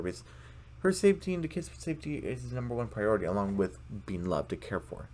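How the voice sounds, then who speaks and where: A man with a fairly low voice talks through a cartoon episode in a loose, casual recap. He rambles, full of fillers and restarts. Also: sing-song, quick pace, darkish tone. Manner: rambling, many fillers, acts out characters' lines. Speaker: video commentator.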